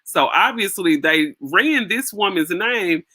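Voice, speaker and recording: A woman's voice: lowish voice, animated, takes it slowly, bright, forceful tone. A woman hosting her own channel, giving casual spoken commentary on a video clip and often repeating words as she thinks aloud.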